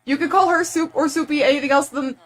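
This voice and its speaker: A woman's voice: sits high, fast. A young woman from the United States chatting casually and playfully on a live game stream, full of "like" fillers.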